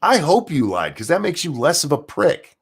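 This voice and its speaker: A man hosting his own channel, giving a heated, profane and sarcastic political rant, jumping between loud outbursts and low muttered asides. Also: big pitch swings, moderate pace, gravelly, husky. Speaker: streamer and channel host. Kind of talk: angry political commentary rant.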